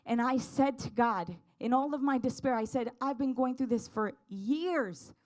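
A woman's voice: high-pitched, a little slow, a little mellow. A woman telling a personal faith testimony in an earnest, fervent way, building to emphatic declarations.

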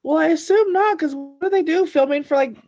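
A woman's voice: sits high, brisk, dark tone, dry recording. A woman co-hosting a podcast, reacting in casual chat with emphatic, incredulous remarks. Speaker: podcast co-host. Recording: dull lo-fi dry sound.

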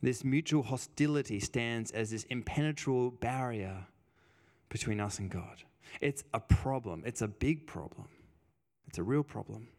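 A man's voice: medium pitch, normal speed, a little mellow. A man preaching a sermon in a conversational way, stressing points by repeating phrases and telling personal stories. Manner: emphatic, repeats phrases for weight.

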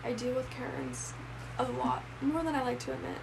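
A woman's voice: high-pitched, animated, normal speed, creaky, background noise. A woman co-hosting a casual podcast, telling stories with swearing and acting out the people she quotes. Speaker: podcast co-host. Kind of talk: casual chat.

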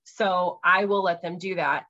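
Chatty mom podcaster, lo-fi sound. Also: female voice, on the low side, steady tone, unhurried, sharp tone. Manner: chatty, many ums and likes, laughs easily. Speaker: podcast host. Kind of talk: casual parenting talk.

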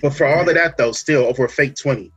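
Husky man telling stories casually. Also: mid-range voice, quick pace, faint music behind. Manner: relaxed storytelling, many fillers and "you know what I'm saying". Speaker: podcast host. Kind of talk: casual chat.

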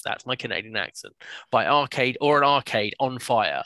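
A man's voice: mid-range voice, normal speed, sharp tone, dry recording. A man hosting a podcast, teasing his guest in a playful, casual way. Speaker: podcast host. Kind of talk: casual chat.

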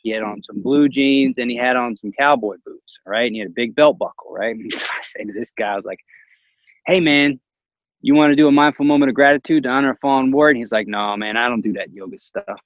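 Man, storyteller, animated, dry close sound, slightly dull lo-fi audio. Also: mid-range voice, fast, no echo. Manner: animated, acts out quoted voices, laughs often. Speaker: guest telling a story. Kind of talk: casual storytelling chat.

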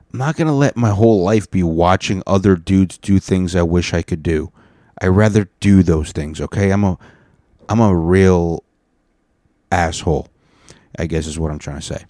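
Low mellow guy rambling on his podcast, swears a lot, dry close mic. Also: normal speed, dry recording. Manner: rambling, profane, swings into loud rants. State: tired. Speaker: podcast host. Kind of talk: casual solo podcast chat. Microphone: studio mic on a stand.

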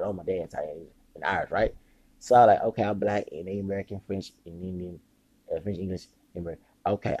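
A man's voice: lowish voice, slightly rough, no echo. A man hosting a podcast, telling a long, rambling story full of profanity and acted-out quoted dialogue. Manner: profane, meandering, animated retelling with quoted dialogue. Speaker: podcast host.

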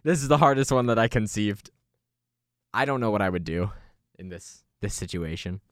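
A man's voice: lowish voice, normal speed, clean tone, no echo, clean studio sound. A man co-hosting a casual chat, teasing and playful as he poses a would-you-rather game. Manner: playful and teasing, lively intonation. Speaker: podcast co-host.

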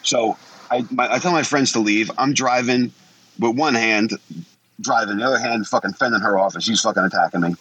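A man's voice: medium pitch, brisk, pushed and bright, breathy edge, poor audio. A man in his forties telling stories bluntly, swearing a lot and acting out what people said. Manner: blunt, swears often, acts out quotes. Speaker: guest. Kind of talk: casual profane storytelling.

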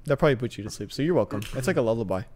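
A young man speaks in a plain mid-range voice on a casual podcast. He teases his friends in a dry, deadpan way and offers flat one-word reactions. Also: mid-range voice, very fast, slight background noise. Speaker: podcast co-host. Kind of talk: casual chat.

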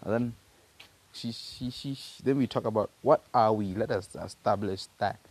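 A man's voice: lowish voice, normal speed, darkish tone, breathy edge. A teenage man from Africa, telling a loose, slangy story on his own podcast, full of restarts and repeated words. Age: teens. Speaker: podcast host.

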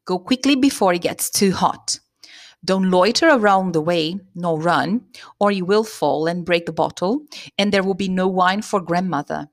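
Woman doing a gentle mother, warnings to her kid. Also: on the low side, normal speed, dry recording, clean studio sound, natural voice. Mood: instructing. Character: caring, instructing mother.

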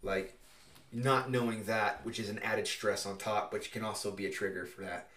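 A young adult man hosting a casual interview, asking relaxed, hesitant questions with plenty of fillers. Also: fairly low pitch, moderate pace. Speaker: host. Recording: roomy echo, voice far from mic.

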